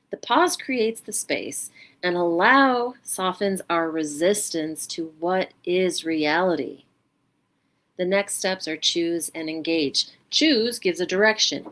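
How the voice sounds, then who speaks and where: A woman hosting a mindfulness show, giving a gentle, unhurried self-help talk with a guided practice in short reflective phrases. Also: on the low side.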